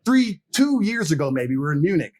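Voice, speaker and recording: Man, interview guest, high-pitched, very animated delivery, profane, boastful storytelling. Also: brisk. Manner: animated, laughs mid-story. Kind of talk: casual storytelling in a podcast interview.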